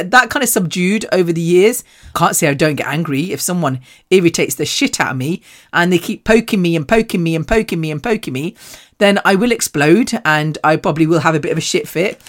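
A British woman hosting her own podcast, talking to listeners in a candid, rambling, self-mocking way with casual swearing. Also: fairly low pitch. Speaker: podcast host. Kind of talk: candid solo podcast monologue.

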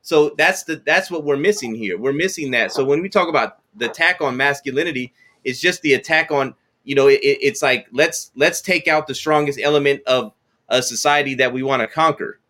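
A man in the middle of the usual pitch range talks as a guest on a podcast. He loops back over words as he gathers his thoughts, telling stories in a relaxed way. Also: fairly quick. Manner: stammering repetitions, conversational storytelling. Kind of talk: casual podcast chat.

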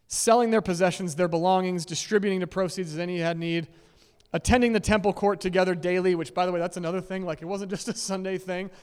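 A man's voice: high voice, clear, resonant tone, in a large hall. A man preaching a sermon in a conversational way, checking in with listeners often and laughing lightly between points. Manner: conversational, many "okay?" and "right?" checks. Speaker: pastor. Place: church sanctuary with long reverb.

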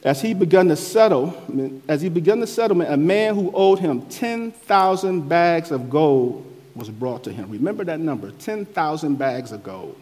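Reading scripture and then explaining it, this male pastor delivers his sermon in a preaching cadence, rising and falling in pitch and force. His pitch swings widely at normal speed with a slightly mellow tone, and a long hall reverb surrounds him.

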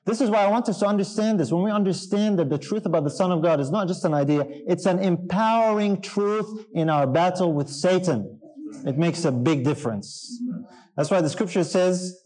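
A man's voice: high-pitched, animated, brisk, a little mellow, low-quality recording. A man preaching a sermon to a congregation in an earnest, emphatic way, often putting questions to his listeners.

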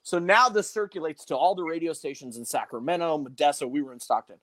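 A man, a former morning radio host, telling a story as a podcast guest in a casual, animated way, swearing freely. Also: fast talker, dry recording. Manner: animated, swears freely, big swings in pitch and loudness.

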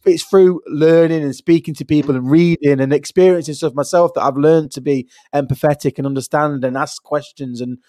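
Animated man on a podcast. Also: fairly high pitch, dry recording, clean studio sound. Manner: animated storytelling, acts out pub banter in quoted voices. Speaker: podcast co-host. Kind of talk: casual podcast chat.

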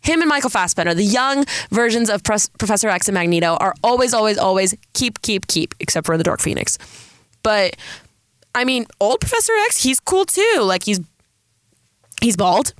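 A woman's voice: medium pitch, expressive, normal speed, no echo. A young woman from San Diego hosting a casual solo podcast, with a Valley girl-sounding voice, rambling and self-deprecating. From San Diego, California. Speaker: podcast host.

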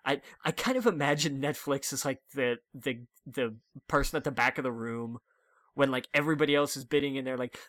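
A man co-hosting a casual podcast chat, rambling and animated as he explains things. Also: medium pitch, fairly quick, no room sound. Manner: rambling, animated storytelling with playful bits. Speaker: podcast co-host.

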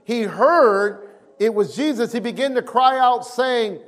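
A man preaching a sermon, reading scripture aloud and acting out the voices with emphatic, drawn-out delivery. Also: very high-pitched, a bit bright. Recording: long hall reverb.

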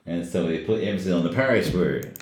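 Very deep-voiced man in an echoey room. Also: brisk. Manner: rambling, filler-heavy, reflective. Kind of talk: Bible study discussion. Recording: echoey room with faint noise.

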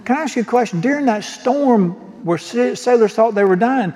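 A man's voice: extremely high pitch, animated, a little fast, warm tone, in a large hall. A man preaching a sermon as pastor, folksy and joking, often asking the congregation questions. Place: church sanctuary.

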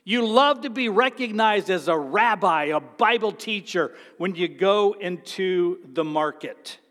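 A man preaching a sermon as pastor, dramatic, swinging from a near-whisper to loud exclaiming. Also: high-pitched, animated, a little slow, long reverb tail. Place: church sanctuary.

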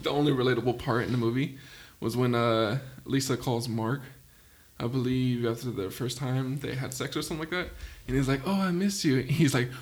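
A man chatting casually on a podcast, hesitant and trailing off, laughing as he talks. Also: medium pitch. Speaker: podcast guest reviewing a film. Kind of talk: casual chat.

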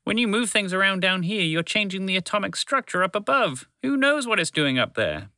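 A man's voice: high voice, very animated, moderate pace, sharp tone, dry recording, voice pushed up, full character voice. A man voicing a proud, careful orange male dragon in a children's story, earnest and bossy when alarmed.

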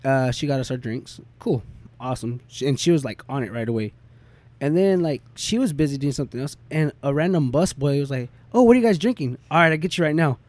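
A man's voice: medium pitch, fairly quick, a little mellow. A man co-hosting a casual chat, rambling with lots of filler words and swearing. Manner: rambling, profane, full of "I mean" and "like".

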